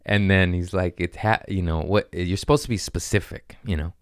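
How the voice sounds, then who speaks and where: Low-voiced man telling a profane comic story. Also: moderate pace, smooth, no echo, clean studio sound. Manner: profane, animated, acts out other people's voices. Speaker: comedian guest on a podcast.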